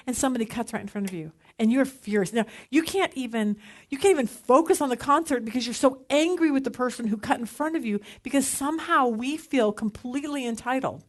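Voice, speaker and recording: A middle-aged woman leads a Bible study with a fairly high voice. She tells everyday stories in a casual, lively way and acts out the people in them. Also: quick pace. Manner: animated storytelling, acting out quoted voices. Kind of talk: casual teaching talk.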